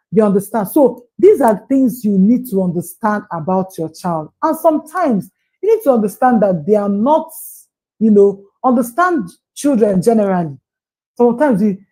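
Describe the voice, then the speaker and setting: A woman's voice: on the high side, dark tone, rough recording. A woman with a Nigerian accent speaking on a parenting livestream panel, earnest and repeating her words with coaxing asides. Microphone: remote call.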